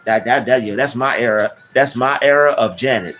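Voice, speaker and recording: A man's voice: medium pitch, moderate pace, slight background noise. A man hosting a casual livestream, rambling with many restarts and slang fillers while reading the chat. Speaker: livestream host. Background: soft background music.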